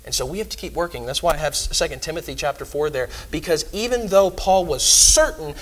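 A young man preaching an earnest, emphatic sermon, growing loud on key points. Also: on the high side, fairly quick.

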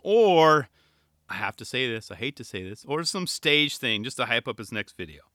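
A young man giving casual solo commentary on skateboarding, excitable and rambling, firing off rhetorical questions. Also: medium pitch, normal speed, dry recording, clean studio sound.

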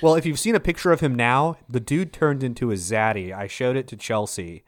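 A man's voice: medium pitch, fairly quick, no room sound, clean studio sound. A man co-hosting a podcast in casual chat, laid-back and self-mocking. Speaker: podcast co-host. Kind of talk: casual chat recapping a TV episode.

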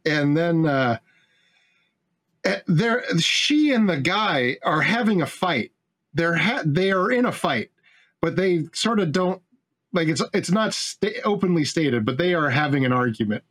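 Speaking at a measured pace in a fairly high voice, a man casually walks through a movie scene by scene. He is an animated, profane storyteller who laughs a lot and performs the characters' dialogue.

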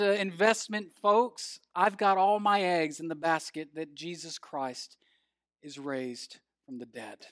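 A man preaching as pastor, reading scripture in a measured, earnest way and telling a story, his phrase ends falling soft. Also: high-pitched, no echo, studio quality.

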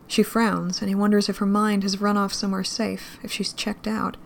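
Reading a dark fan fiction piece aloud, a woman with a medium-pitched, gravelly, fry-laden voice holds a flat, even line. Her narration moves at a grim, measured pace over a slight hiss or hum.

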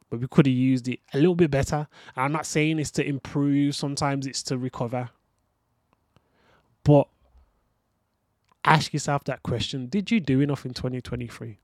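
A man's voice: medium pitch, darkish tone, dry recording, clean studio sound. A young man hosting a motivational podcast monologue, earnest and reflective, talking straight to the listener. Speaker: podcast host.

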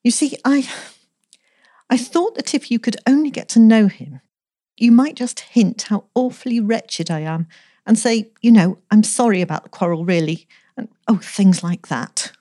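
A woman's voice: on the high side, normal speed, warm tone, no echo, clean studio sound, voice pushed up, lightly acted. A woman voicing a tearful, petulant young office girl who pleads and whines. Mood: pleading. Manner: whiny, pleading, breathless.

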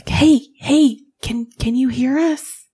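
A woman voicing a mysterious woman who whispers into a sleeper's dream, hushed and urgent. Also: sits high, slow, breathy edge, pitched above the performer's own voice, heavily acted.

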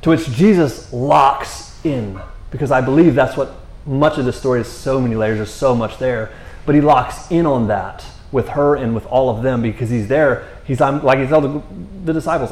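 A man's voice: medium pitch, moderate pace, darkish tone, roomy sound. A man preaching a passionate, conversational sermon from a church stage, often asking "you know what I mean?". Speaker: pastor. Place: church sanctuary.

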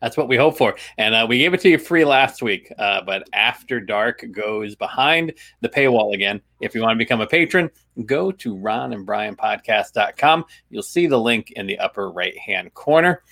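A middle-aged man co-hosting a casual podcast, talking in a dry, deadpan way. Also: fairly low pitch, moderate pace, creaky, hardly any pauses. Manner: dry, deadpan delivery with many uh fillers. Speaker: podcast co-host.

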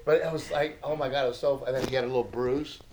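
A man's voice: medium pitch, steady tone, quick pace, very noisy. A man in his thirties, a podcast co-host, telling family stories in a casual chat, laughing often and acting out his son's lines.

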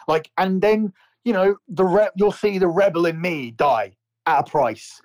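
A man's voice: high-pitched, measured pace. A man co-hosting a podcast, ranting in a heated, profane way and often repeating words. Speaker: podcast co-host. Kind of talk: heated casual podcast rant.

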